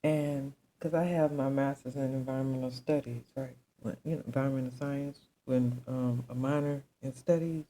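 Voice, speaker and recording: A woman's voice: extremely low pitch, steady tone, moderate pace, hardly any pauses, dark tone, slight background noise, poor audio. A young adult woman hosting a casual commentary chat. She rambles with many asides and keeps asking her listeners questions. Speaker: commentary host.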